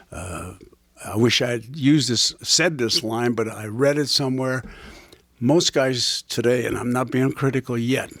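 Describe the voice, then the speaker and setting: A man's voice: medium pitch, fairly bright tone, a little hiss or hum. An older man, a former catcher and broadcaster, telling rambling baseball anecdotes with punchlines to a small audience. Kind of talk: casual storytelling to a small audience.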